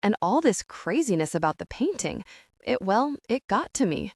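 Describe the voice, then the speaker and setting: A woman's voice: medium pitch, big pitch swings, normal speed, a little mellow, no echo, clean studio sound. A woman voicing a blunt, direct older woman friend in an audiobook. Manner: direct, brusque.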